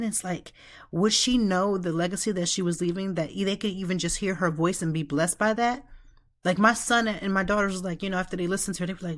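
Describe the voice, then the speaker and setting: A woman's voice: medium pitch, brisk. A middle-aged woman hosting a solo podcast from her home office, speaking in an earnest, reflective, conversational way. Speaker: podcast host. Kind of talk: heartfelt solo podcast monologue.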